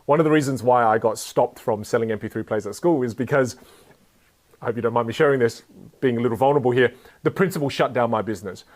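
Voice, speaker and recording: Energetic man giving a talk. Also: mid-range voice, quick pace. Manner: energetic, playful, jokes with the audience. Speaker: speaker teaching communication skills. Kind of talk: live motivational talk to an audience.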